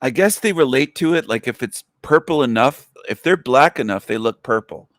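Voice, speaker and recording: A man's voice: mid-range voice, lively intonation, normal speed, fairly bright tone, no echo, clean studio sound. A man hosting a livestream, talking in a mocking, rambling, crude way. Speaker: livestream host. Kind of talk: casual livestream monologue.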